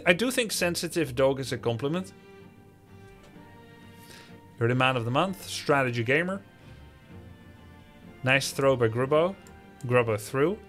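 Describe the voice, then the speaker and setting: Faint music plays behind a man who is livestreaming and reading viewer messages aloud. He delivers them in a sarcastic, mocking, theatrical way, with a medium-pitched, fairly bright voice.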